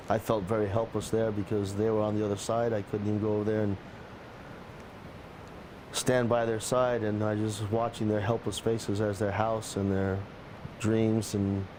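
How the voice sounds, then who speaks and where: A man's voice: lowish voice, noisy background. A man somberly telling of watching a friend's house wash away, in a documentary interview. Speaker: neighbor.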